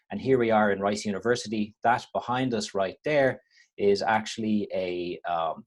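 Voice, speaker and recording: A man in his thirties with an Irish accent, giving a relaxed webinar talk on a video call, with frequent restarts. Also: lowish voice. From Ireland. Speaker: university lecturer.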